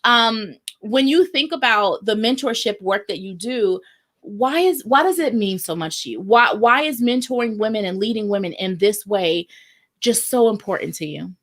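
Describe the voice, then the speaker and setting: A woman hosting a live online show, chatting warmly and affirming her guest. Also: medium pitch, animated, moderate pace. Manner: affirming, chatty, reads viewer comments. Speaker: host.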